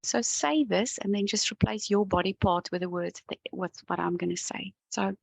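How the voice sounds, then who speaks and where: A woman leads a tapping session in a calm, unhurried way, her voice gravelly and a little husky. She speaks close to a dry-sounding mic with no room echo, stopping now and then to yawn or sigh as she relaxes. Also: medium pitch. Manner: gentle, calm, talks the viewer through each step. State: yawning and sighing as she relaxes. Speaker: EFT tapping coach. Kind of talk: guided tapping session to camera.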